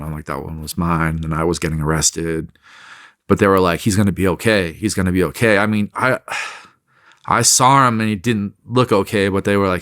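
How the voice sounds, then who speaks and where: A man recounting a painful memory in an interview, halting and restarting as he talks. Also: deep voice, fairly bright tone, no room sound, clean studio sound. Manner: halting, with many restarts and fillers. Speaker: interview guest.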